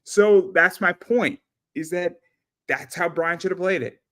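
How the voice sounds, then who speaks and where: A man's voice: high voice, a little slow, fairly bright tone. A man hosting a casual talk show, rambling and swearing, often repeating his words. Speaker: podcast host. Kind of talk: casual chat.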